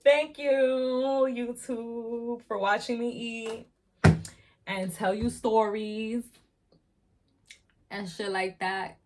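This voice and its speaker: Animated, foul-mouthed young woman vlogger. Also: a little high, drawn-out words, pauses often, a little hiss or hum. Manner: animated, profane, frequent laughter. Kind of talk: storytime while eating.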